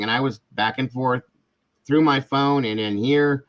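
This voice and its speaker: In dull, lo-fi stream audio, a male live-stream host with a mid-range voice speaks at an unhurried pace. His casual chat is earnest and emotional, full of storytelling in which he takes on quoted voices.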